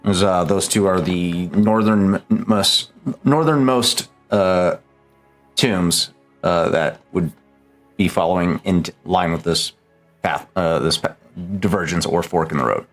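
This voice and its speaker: A man running a tabletop game as game master, explaining details in a halting way full of "uh"s and restarts. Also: sits low, soft background music.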